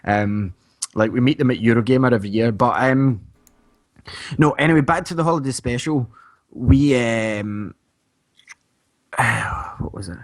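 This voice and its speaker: A man's voice: mid-range voice, unhurried, pauses often, dry recording. A man from Scotland with a Fife accent, co-hosting a podcast and telling rambling stories in casual chat. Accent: Scottish, Fife. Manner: rambling, storytelling, laughs often. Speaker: podcast co-host.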